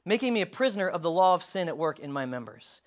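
Animated high-voiced male pastor. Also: fast talker. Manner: animated, acts out story voices, swings loud to hushed. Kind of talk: sermon with storybook reading.

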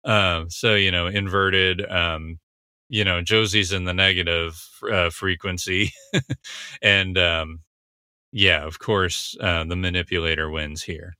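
A man's voice: low voice, fairly even intonation, slow pace, bright, forceful tone, clean tone, no echo, clean studio sound. A man giving a casual, analytical scene-by-scene commentary, recapping dialogue with frequent fillers.

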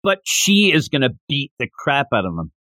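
A man hosting a podcast, recapping a manga chapter in casual, animated chat with frequent laughter. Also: medium pitch, moderate pace, dry recording, clean studio sound. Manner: animated, laughing, acts out quotes. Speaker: podcast host.

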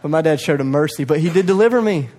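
A young man preaching a sermon to his church, passionate, swinging from loud urging to hushed quiet, with self-deprecating asides. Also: a little high, expressive, fast talker, a faint crowd, slight background noise. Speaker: pastor. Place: church hall.

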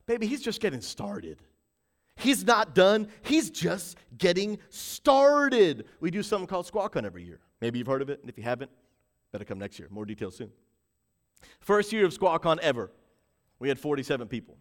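A man preaching to a livestream church audience, building hype and calling on the chat to respond, swinging from loud bursts to low, intent emphasis. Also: big pitch swings, quick pace, big-room sound. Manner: rises to shouting in bursts, drops low to stress points. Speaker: pastor.

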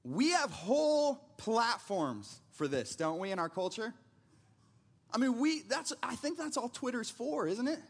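High-voiced conversational pastor preaching. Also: male voice. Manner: conversational storytelling with frequent restarts. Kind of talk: sermon.

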